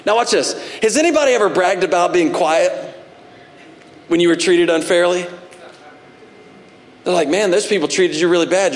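A man with a high voice preaches to his congregation, talking in a relaxed conversational way and slipping into small acted-out asides. His voice carries a long reverb from the large church hall. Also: normal speed, pauses often. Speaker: pastor. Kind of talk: sermon.

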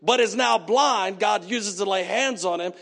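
A man preaching a sermon as pastor, telling the story in an animated way and acting out the characters. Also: high-pitched, unhurried, creaky.

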